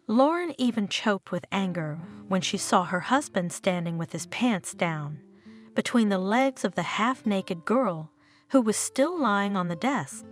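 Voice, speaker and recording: A woman narrating a dramatic story in an animated, expressive reading. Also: mid-range voice, measured pace. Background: soft guitar music.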